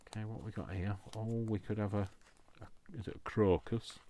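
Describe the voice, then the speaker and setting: A man's voice: on the low side, steady tone, normal speed, warm tone, a little hiss or hum. A man hosting a crafting video, rambling casually and talking to himself with jokey asides. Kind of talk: casual chat while crafting.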